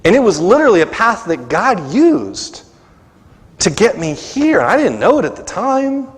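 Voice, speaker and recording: Male pastor, conversational sermon style, fairly high voice that swings widely, acts out the quotes. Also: huge pitch swings, moderate pace. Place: church sanctuary. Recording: long church reverb.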